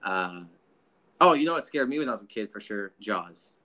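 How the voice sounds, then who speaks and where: A man's voice: lowish voice, normal speed. A young man from North Texas co-hosting a podcast, joking and swearing casually. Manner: joking, profane, animated. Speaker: podcast co-host. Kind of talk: casual chat.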